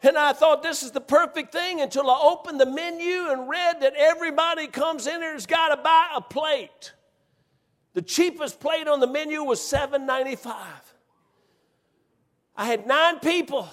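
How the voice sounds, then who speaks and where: A man's voice: extremely high pitch, moderate pace, fairly bright tone. A man preaching, telling a personal story in a folksy, emphatic way with many restarts, in a church. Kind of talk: storytelling sermon. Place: church sanctuary. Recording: church hall reverb.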